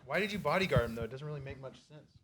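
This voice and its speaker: A man hosting a comedic interview, deadpan and insistent, quick to take offense. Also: mid-range voice, background noise. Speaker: interview host.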